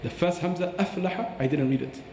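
A man's voice: sits high, racing, gravelly, dark tone, slight background noise. Man teaching in an echoey hall. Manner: explanatory, recites Arabic phrases. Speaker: Quran teacher. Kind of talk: podcast explanation. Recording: echoey hall with long reverb.

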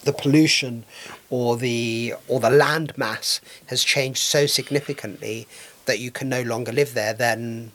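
A man co-hosting a relaxed radio talk, his voice sitting in a middle pitch. He speaks haltingly, with frequent ums and repeated words as he gathers his thoughts. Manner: hesitant, many fillers and restarts. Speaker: radio co-host. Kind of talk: casual radio chat.

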